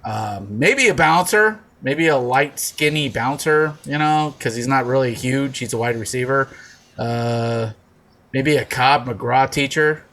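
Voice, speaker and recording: A man's voice: mid-range voice, a little slow, fairly bright tone. A man co-hosting a comedy podcast, riffing crudely and laughing often. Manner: joking, laughs often, rambling riffs. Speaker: podcast co-host.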